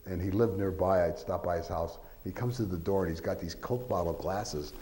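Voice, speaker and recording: A man's voice: sits low, normal speed, dark tone, slight background noise, low-quality recording. A man, an author, giving an informal talk to an audience, rambling through anecdotes with lots of filler phrases and acting out quoted voices.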